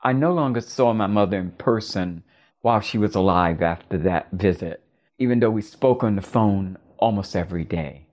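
Older woman from Florida, storyteller, halting intimate delivery. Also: a bass voice, darkish tone. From Florida, USA. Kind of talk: personal story narration.

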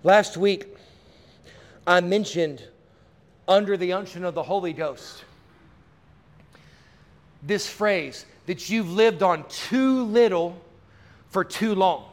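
A man preaching a charismatic sermon in a church, fervent and building to loud declarations. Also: high voice, slow, pauses often. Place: church sanctuary.

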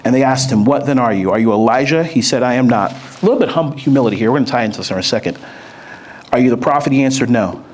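A man preaching a sermon, moving between steady scripture reading and lively, excited retelling. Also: mid-range voice, quick pace. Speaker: pastor.

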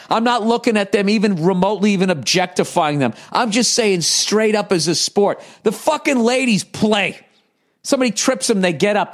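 Guy doing a comedy podcast rant, swears a lot, kinda high voice, american. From United States. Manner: profane, riffing, reads aloud mockingly. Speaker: podcast host.

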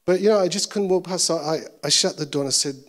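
During a church service, a male pastor preaching a sermon tells a personal story in an animated, self-deprecating way. His voice is on the high side and he talks fast.

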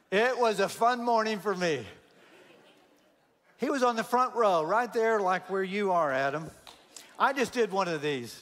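A man's voice: high-pitched, long reverb tail. A man giving a sermon as a guest speaker, telling stories animatedly and acting out the quotes. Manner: animated storyteller, acts out quotes. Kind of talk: sermon storytelling.

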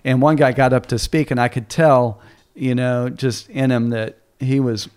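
A man's voice: mid-range voice, fairly even intonation, moderate pace, darkish tone, clean tone. A middle-aged man hosting a faith podcast, telling stories in an earnest, casual way with many restarts. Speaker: podcast host.

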